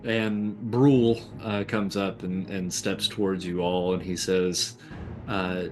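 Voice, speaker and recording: A man narrating a tabletop game as game master, relaxed and full of fillers, over background music. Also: low voice, takes it slowly.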